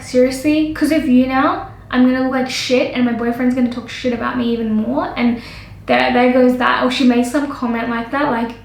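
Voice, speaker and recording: A young woman vlogging as a makeup artist, telling a story in an animated way and acting out both sides with lots of "like". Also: high voice, roomy sound, poor audio. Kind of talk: storytime vlog.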